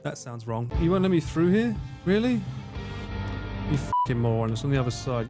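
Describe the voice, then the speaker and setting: Brief: male streamer in his thirties, animated up-and-down voice, crude joking banter, faint music underneath. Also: medium pitch, normal speed. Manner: joking, sweary banter with chat. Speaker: live streamer. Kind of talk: casual live-stream chat.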